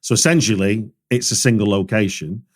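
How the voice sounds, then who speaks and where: A man's voice: on the low side, brisk. A man hosting a podcast, asking questions in a chatty, joking way. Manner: chatty, jokey interviewer asking follow-up questions. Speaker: podcast host. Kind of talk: casual podcast interview.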